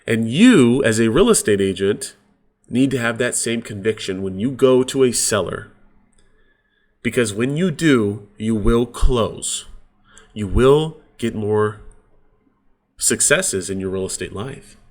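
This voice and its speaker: A man's voice: medium pitch, animated, slow pace, darkish tone. A man coaching real estate agents in a casual, conversational sales training talk. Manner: casual, conversational, uses sports examples.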